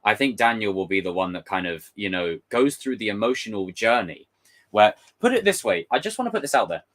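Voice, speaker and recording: Young male commentator, gushing and emotional, lively animated delivery, swears freely. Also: on the low side, brisk. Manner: passionate, excitable, swears freely. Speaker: pop culture commentator. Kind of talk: emotional trailer breakdown with viewers.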